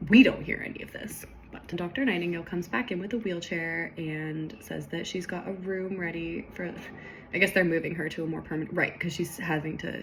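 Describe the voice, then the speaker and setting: A woman's voice: fairly low pitch, slight background noise. A woman casually recapping a story she wrote, chatty and self-deprecating, often trailing off mid-sentence. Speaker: podcast host recapping her own story.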